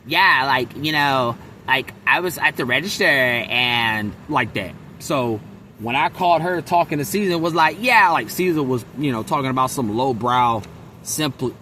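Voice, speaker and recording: Brief: man, slightly high voice, venting bluntly to camera outdoors, faint street noise. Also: fairly bright tone. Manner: blunt, profane, mimics coworkers. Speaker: vlogger. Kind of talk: casual venting monologue.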